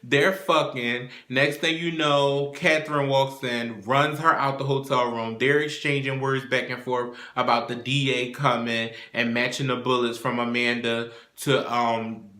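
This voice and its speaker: A man's voice: mid-range voice, little pitch movement, a little slow, few pauses, sharp tone. A man hosting a casual TV episode recap, profane and acting out the characters' lines as he retells scenes. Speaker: TV recap show host. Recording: echoey room.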